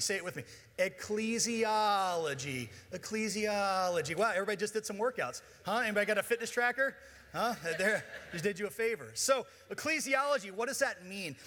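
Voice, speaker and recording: Playful male pastor, high bright voice, reverberant church hall. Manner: playful, joking with the congregation. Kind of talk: sermon. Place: church auditorium.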